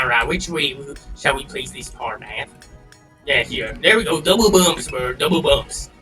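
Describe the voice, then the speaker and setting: An excitable young man talks his way through a game, trash-talking and swearing as his voice jumps all over the place. He sits a bit back from the mic, and loud game music plays behind him. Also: a little high, measured pace, recorded from a distance. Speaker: gaming channel host. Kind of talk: casual gameplay commentary.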